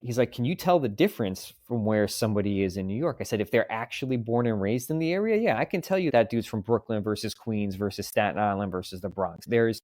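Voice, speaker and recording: A man in his thirties, a podcast guest, talking in a discursive, animated way in a relaxed interview. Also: on the low side, quick pace, few pauses, dry recording. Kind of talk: casual conversational interview.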